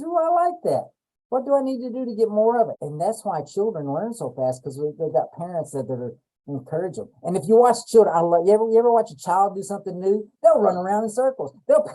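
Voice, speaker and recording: A man's voice: high-pitched, warm tone, rough recording. A man giving a folksy motivational talk as a brain coach on a video call, repeating points and dropping in playful asides.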